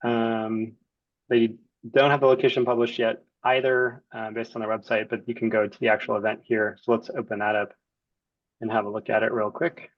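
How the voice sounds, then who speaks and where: A man acting as the client, casually walking through a software demo and thinking aloud as he clicks around. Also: medium pitch, flat delivery, normal speed, no echo, muffled recording.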